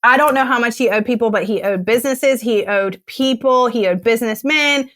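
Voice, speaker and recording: A woman's voice: fairly high pitch, a little fast, no room sound. Young woman telling her story, dry close sound. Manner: animated, acts out her own past words. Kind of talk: casual storytelling.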